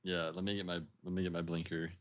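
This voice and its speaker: A man's voice: deep voice, level tone, fast talker, no echo. A young man on a voice call with a friend, teasing and laughing often. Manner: giggly, teasing. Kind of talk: casual chat.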